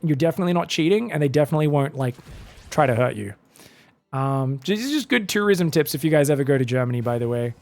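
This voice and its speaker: A man's voice: a little high, animated, quick pace, creaky, a little mellow. A man casting a live esports match with chatty, joking play-by-play. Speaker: esports caster. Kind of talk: live game commentary.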